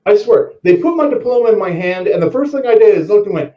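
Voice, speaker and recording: A middle-aged man tells stories as a podcast guest, his pitch swinging widely as he acts out each quote. He sits back from the mic, so he sounds roomy, distant and a little dull. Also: fast talker, hardly any pauses. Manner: lively storyteller, acts out quotes. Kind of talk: casual chat, storytelling.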